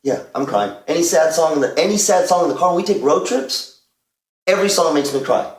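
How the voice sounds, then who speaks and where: A man's voice: a little high, fast talker, roomy sound, a crowd in the background. A man co-hosting a radio show, talking openly and reflectively in casual chat. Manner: reflective, open about his feelings. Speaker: radio co-host.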